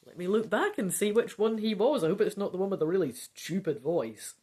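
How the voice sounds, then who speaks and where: A woman's voice: medium pitch, expressive, brisk, warm tone, breathy edge. A woman reading through a gamebook aloud, chatting in casual, self-deprecating asides. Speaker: gamebook reader.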